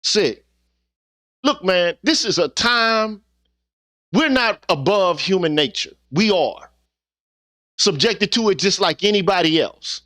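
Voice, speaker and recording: In a high, fairly bright voice with lively intonation, a middle-aged YouTuber speaks slowly with long pauses, giving his viewers an impassioned, casual monologue. He's earnest, preachy, and profane, and closes sentences with "man." The recording is studio quality with no echo.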